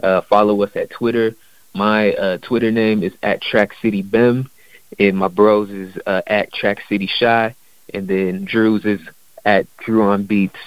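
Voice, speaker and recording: A man's voice: on the low side, level tone, unhurried, no room sound, rough recording. A man guesting on an interview as a musician, talking in a laid-back, casual way with loose slang and lots of fillers.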